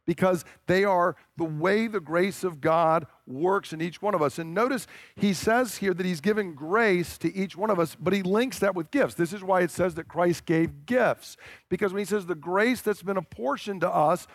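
In a dry recording, a Southern American pastor with a high voice preaches. He hammers his main points through emphasis and repetition, slowing his delivery to make them land.

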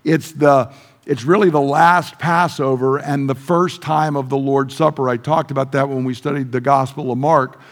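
A man's voice: mid-range voice, fairly even intonation, normal speed. A man teaching a sermon who explains the text step by step and briefly acts out the quoted dialogue. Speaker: pastor. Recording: long hall reverb.

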